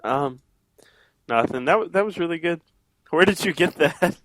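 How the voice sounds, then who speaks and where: A young man playing in a comedic tabletop game, chatting in a deadpan, rambling way. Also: on the high side, moderate pace, no room sound, low-quality recording. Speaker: player. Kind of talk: casual tabletop game chat.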